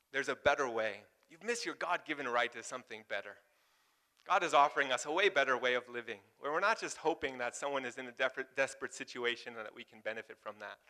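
A man gives a relaxed, conversational sermon and keeps breaking into laughter and quick questions to the room. His voice sounds bright and clear, with a middle-range pitch. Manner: casual, laughs often, animated asides to the congregation. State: warm and sweating from exertion. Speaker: pastor.

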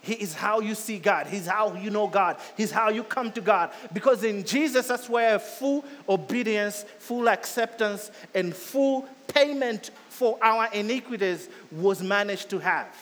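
A male pastor delivers a sermon in a notably high voice, hammering home repeated phrases. He swells to loud, urgent peaks and then drops back to a softer, lower delivery. The sound carries a long reverb tail, as in a large hall. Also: unhurried, hardly any pauses.

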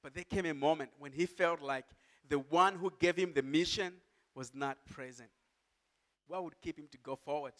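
Male pastor, earnest emphatic sermon delivery, slightly higher-pitched voice. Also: a bit bright. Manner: earnest, slow emphatic preaching with rising cries.

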